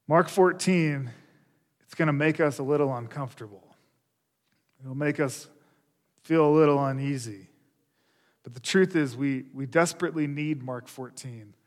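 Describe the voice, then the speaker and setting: Earnest pastor preaching in a reverberant hall. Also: male voice, fairly high pitch, moderate pace, pauses often. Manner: earnest, addresses listeners directly. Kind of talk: sermon. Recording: long reverb of a large hall.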